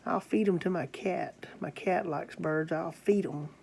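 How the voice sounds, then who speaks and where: A cruel little boy boasts in a matter-of-fact way about what he will do with his birds. A slow-spoken preacher tells him in a sermon. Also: medium pitch, vocal fry, a little mellow, husky. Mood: boastful.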